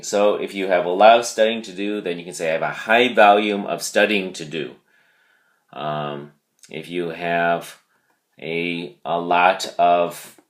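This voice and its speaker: A male teacher walks through a vocabulary word in a lesson video. His voice sits low, and he moves slowly and deliberately. He repeats key words so they sink in. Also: a bit bright.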